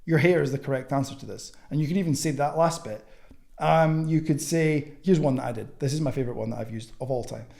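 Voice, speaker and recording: A young man teaching online coaching in a blunt, sweary, casual way, acting out text chats as quick little scenes. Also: medium pitch, vocal fry, warm tone. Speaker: online fitness coaching mentor. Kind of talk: casual teaching with acted-out message examples.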